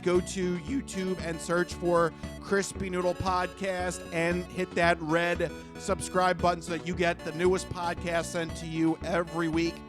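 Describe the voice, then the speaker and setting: A male podcast co-host with a notably high voice, talking in loose, jokey banter. Faint music sits under his voice. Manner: jokey, chatty, plugs the show. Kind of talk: casual chat.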